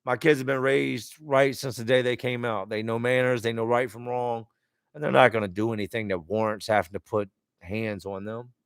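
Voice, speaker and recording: A man's voice: medium pitch, little pitch movement, normal speed, clean tone, dry recording, clean studio sound. A man hosting a live stream, reading out viewer comments and talking candidly and emotionally. He speaks casually and bluntly, swearing at times and repeating words as he searches for them.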